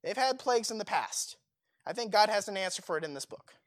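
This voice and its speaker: A man's voice: high-pitched, animated, a little fast. Young man preaching casually. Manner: casual, conversational preaching with fillers and rhetorical questions. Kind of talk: sermon.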